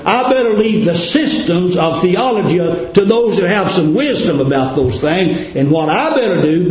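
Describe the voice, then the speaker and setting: A man's voice: high-pitched, a little mellow. A man preaching a sermon in a folksy, dramatic cadence, full of rhetorical questions. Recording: very echoey room.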